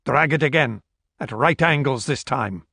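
A man reading a calm, matter-of-fact male team leader who speaks in measured tones. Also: medium pitch, no echo, studio quality.

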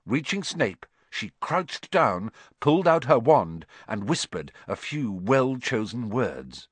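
A man's voice: mid-range voice, slow pace, husky, no echo. Guy reading an audiobook, voice rises and falls a ton, super dry studio sound. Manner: expressive storytelling. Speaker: audiobook narrator. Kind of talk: scripted narration.

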